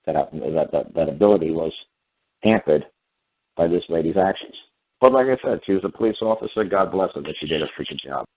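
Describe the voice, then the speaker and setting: A middle-aged man with a low voice hosts a casual radio talk show, speaking bluntly and circling back over his own points. His voice reaches the listener through a thin, tinny phone-line sound. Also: animated, a little fast, slightly rough. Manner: blunt storytelling with frequent repetition and restarts.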